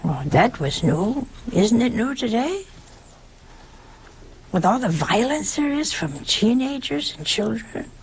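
A woman delivers a sermon in a gravelly, fry-edged voice. She keeps firing rhetorical questions at her listeners and acts out short exchanges as she goes. Faint background noise sits under the recording. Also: fairly high pitch, sing-song, slow pace. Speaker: preacher.

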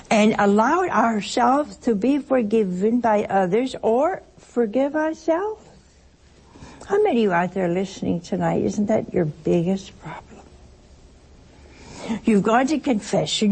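Medium-pitched, creaky, warm, and slightly rough, this older woman's voice carries a chatty sermon to a broadcast audience. She tells stories, throws rhetorical questions at her listeners, and laughs a lot.

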